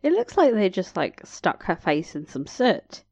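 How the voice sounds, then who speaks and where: Wry, lively woman chatting dry. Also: medium pitch, dry recording. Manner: wry, chatty, quick to laugh. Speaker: co-viewer reacting to a period drama. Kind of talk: casual reaction chat.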